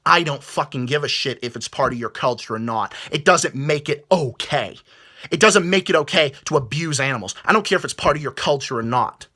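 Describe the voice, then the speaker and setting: A man's voice: a little high, lively intonation, brisk, pushed and bright. A man delivering a heated, profane rant to camera, stumbling over his words as he restarts sentences. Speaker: vlogger. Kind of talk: angry rant.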